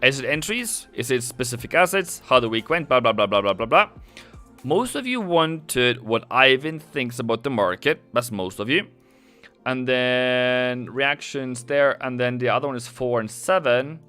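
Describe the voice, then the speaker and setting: Bright-voiced man rambling. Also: medium pitch. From Norway. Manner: rambling and chatty, often self-correcting. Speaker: trading streamer. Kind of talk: live market commentary.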